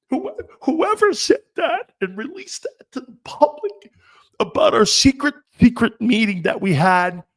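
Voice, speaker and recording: Man impersonating a defensive, high-pitched, whining pro athlete for a mocking bit. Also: exaggerated voice. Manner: mocking, whiny, indignant. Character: whiny defensive male star athlete.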